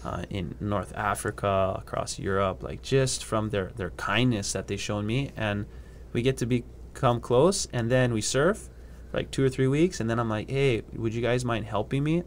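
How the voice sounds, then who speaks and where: A man's voice: on the low side, moderate pace, a little hiss or hum. A young man from Hawaii telling surf stories casually, acting out other people's voices and laughing often. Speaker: guest, surfer and scientist. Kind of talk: casual podcast storytelling.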